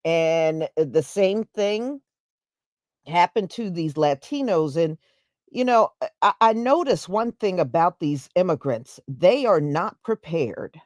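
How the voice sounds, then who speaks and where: A woman on a livestream, speaking slowly in a low register with her pitch swinging widely. She hammers her points home and repeats herself for emphasis. The sound is dry and close. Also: a little mellow, no room sound. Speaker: livestream host. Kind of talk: live commentary to viewers.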